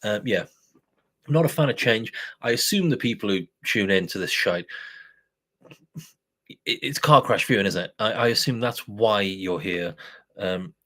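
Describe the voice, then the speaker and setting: Rambling, sweary man, low voice. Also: animated, measured pace, pauses often, bright, forceful tone. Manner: rambling, self-deprecating, sweary. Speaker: beer review channel host. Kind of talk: casual live-stream chat.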